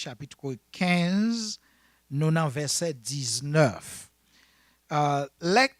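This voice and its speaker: Pastor, man, slow emphatic preaching, fairly high voice, dry close sound. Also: fairly bright tone, no echo. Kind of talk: bilingual sermon.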